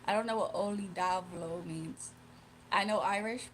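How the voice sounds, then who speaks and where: A woman's voice: mid-range voice, normal speed, a little hiss or hum. A young woman chatting casually on a livestream, reading chat aloud, laughing often and teasing her viewers. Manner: playful, teasing.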